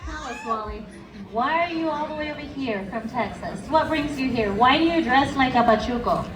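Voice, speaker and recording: A woman's voice: sits high, normal speed, over music. A woman emceeing a live contest in a bar, with upbeat, playful banter. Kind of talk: live event hosting. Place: crowded bar venue. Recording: echoey crowded room from far off.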